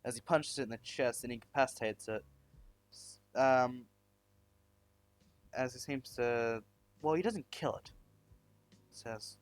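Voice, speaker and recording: A man narrating a fan-made story at an ordinary middle pitch. He rambles along with plenty of "um" and "well" and frequent restarts, over soft background music. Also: slow, pauses often. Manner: rambling, many fillers and restarts.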